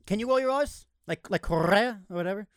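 A young podcast host with a Boston accent talks quickly, with a lot of rise and fall in his voice. He often stumbles and repeats words. The sound is dry and close. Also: high voice, clear, resonant tone, no room sound. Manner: animated, repeats himself, stumbles over words. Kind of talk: casual chat.

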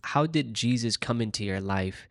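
A man's voice: lowish voice, lively intonation, normal speed, dry recording, clean studio sound. A man interviewing a guest, asking conversational follow-up questions. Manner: prompting, conversational.

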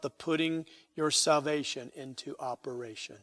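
A man preaching a sermon as pastor, emphatic, swelling loud on key phrases and dropping soft at the ends of lines. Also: a little high, measured pace.

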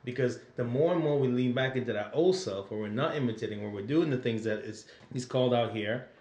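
A man's voice: mid-range voice, a little fast, darkish tone. A man co-hosting a casual Bible study discussion, speaking conversationally and often checking in with his listener. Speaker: podcast co-host. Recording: roomy echo.

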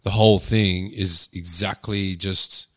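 A man with a lowish, bright voice rambles through a casual podcast chat. He stacks up fillers and laughs loudly. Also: steady tone, takes it slowly.

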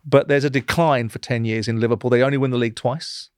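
A man's voice: medium pitch, steady tone, fast talker, clean tone, dry recording, studio quality. A man hosting an interview, blunt and challenging, cutting in with pointed questions. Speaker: interview host. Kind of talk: confrontational interview.

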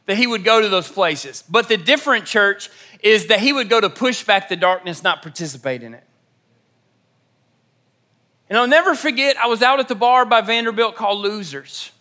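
A man's voice: sits high, sharp tone. A young man preaching a sermon in a church, telling personal stories and acting out the dialogue in them. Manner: storytelling, acts out quoted dialogue. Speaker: pastor. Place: church auditorium.

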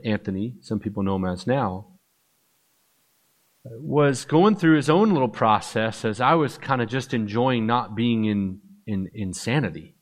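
A man giving a personal testimony in a conversational, storytelling way, full of fillers, who acts out the dialogue he quotes. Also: medium pitch. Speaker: speaker sharing his testimony.

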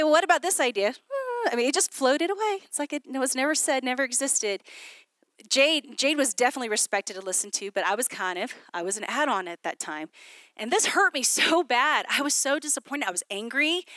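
A middle-aged woman pastor sharing a personal testimony in a sermon, talking in an animated way to the congregation and dropping low and soft when she quotes God. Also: dry recording. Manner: animated storytelling, addresses listeners as "you guys".

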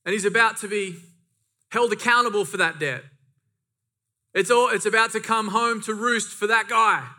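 A man's voice: high voice, bright, forceful tone. A man preaching a sermon, reading scripture and driving points home with emphatic repetition and casual asides. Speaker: pastor.

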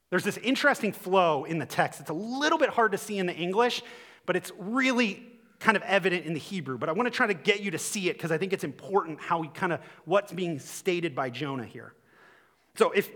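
A man delivers a sermon with a bright, ringing tone pitched high for a man. He is animated and acts out the quoted lines with a lifted voice. A long reverb from the hall trails behind his words. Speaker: pastor.

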